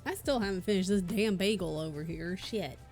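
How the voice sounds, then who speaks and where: Woman streamer, casual chat while crafting, mid pitch, swears freely, soft music underneath. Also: normal speed. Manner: chatty, swearing, reads out chat. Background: soft background music.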